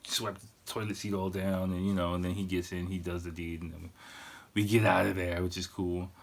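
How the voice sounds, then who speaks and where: A man with a very low voice hosts a podcast and tells his story in a relaxed, rambling way. He swears freely and keeps falling back on "like" and "you know." He sounds middle-aged. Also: a little fast, creaky. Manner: profane, laid-back, loose with fillers like "you know" and "like". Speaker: podcast host. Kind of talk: casual storytelling monologue.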